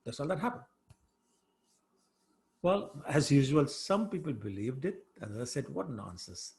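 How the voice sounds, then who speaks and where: A male scripture teacher who tells a sacred story in an animated, chatty way. His pitch moves around a lot, and he often pauses on fillers between phrases.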